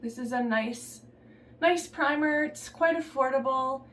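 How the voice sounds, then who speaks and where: A woman's voice: high voice, measured pace, reverberant, far from the mic. Chatty woman doing a makeup tutorial. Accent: put-on Southern belle accent. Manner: relaxed, chatty, trailing off and restarting while applying makeup. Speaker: beauty vlogger. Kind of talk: casual makeup tutorial chat.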